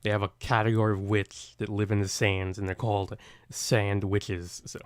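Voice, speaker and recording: A man's voice: on the low side, level tone, normal speed, clean tone, no echo. A man co-hosting a stream, chatting casually with hesitant, rambling restarts and frequent laughs. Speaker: stream co-host.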